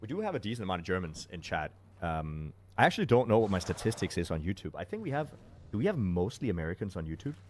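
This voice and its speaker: Streamer, male, deep low voice, loose chatty delivery answering chat. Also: very animated, quick pace, a little mellow, a little hiss or hum. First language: Danish. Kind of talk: casual live-stream chat.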